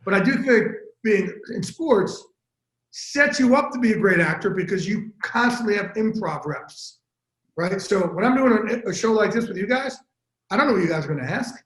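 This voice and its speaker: Animated storytelling man, echoey room. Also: high-pitched. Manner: animated, profane, fast-talking storyteller. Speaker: interview guest, sports broadcaster. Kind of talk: casual storytelling chat.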